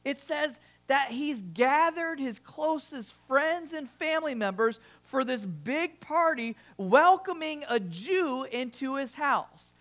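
A woman's voice: sits high, expressive, slow, fairly bright tone. Chatty woman preaching a sermon. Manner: conversational, with frequent restarts and asides.

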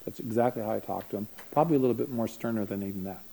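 Mellow-voiced man telling stories at a parenting class. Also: on the low side, rapid-fire, creaky, rough recording. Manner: anecdotal, acts out voices while telling stories. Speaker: parenting seminar speaker. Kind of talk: conversational teaching talk.

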